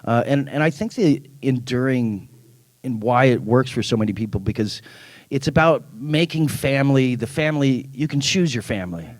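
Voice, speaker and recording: Middle-aged male panel guest, animated storyteller, dry close sound. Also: mid-range voice, moderate pace, no room sound. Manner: animated anecdote-telling, acts out quoted dialogue, laughs often. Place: convention panel room.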